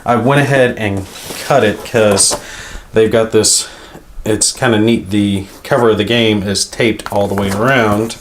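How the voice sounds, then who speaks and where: A man's voice: on the low side, steady tone, unhurried, slight background noise. A man hosting a board game channel, talking casually and thinking aloud as he unboxes a game. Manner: rambling, thinking aloud as he handles items.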